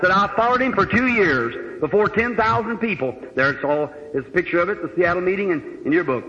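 A man's voice: high-pitched, lively intonation, a little fast, sharp tone, a little hiss or hum. A man preaching, telling a story in a folksy, plain-spoken way, acting out the dialogue, before a congregation in a large hall. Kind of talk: sermon storytelling. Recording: old dull recording in a hall.

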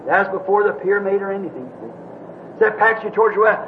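A man with a strikingly high voice preaches a fervent sermon as a minister, dropping to hushed tones and then rising to shouts. The recording is dull and lo-fi, with a faint hiss underneath. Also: fast talker. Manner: impassioned, swings from hushed to shouting.

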